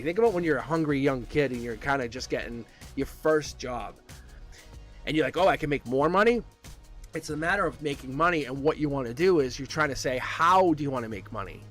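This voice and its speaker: Upbeat, rambling male tarot streamer, middle-aged, light higher voice, faint music bed. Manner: chatty, upbeat, rambling with many fillers and laughs. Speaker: tarot reader. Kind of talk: live-stream tarot reading.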